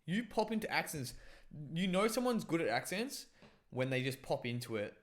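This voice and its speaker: A man's voice: fairly high pitch, moderate pace. A young man, co-hosting a podcast in a casual, jokey chat and swearing freely. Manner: animated, swearing, jokey, tries voices. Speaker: podcast co-host.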